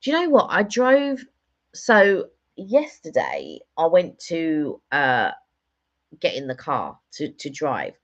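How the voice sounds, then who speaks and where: A woman's voice: deep voice, huge pitch swings, slow, lo-fi sound. A woman chatting casually on a live stream, telling rambling stories with lots of fillers. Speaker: vlogger doing a live stream. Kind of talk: casual chat.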